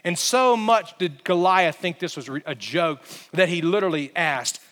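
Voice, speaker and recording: Male pastor, high-pitched voice, dramatic sermon storytelling with emphatic peaks, in a reverberant sanctuary. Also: normal speed, fairly bright tone. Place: church sanctuary.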